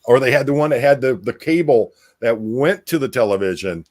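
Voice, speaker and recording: A man's voice: medium pitch, animated, brisk, darkish tone, no room sound. A man hosting a casual talk show, rambling with many fillers and restarts. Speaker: podcast host. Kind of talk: casual chat.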